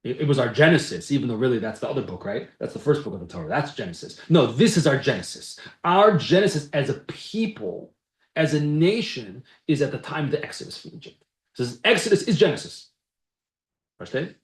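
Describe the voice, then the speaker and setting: A man's voice: medium pitch, sing-song, fast, roomy sound. A man teaching a Torah class in a conversational way, reading Hebrew phrases and then explaining them in English. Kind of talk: text-based Torah class.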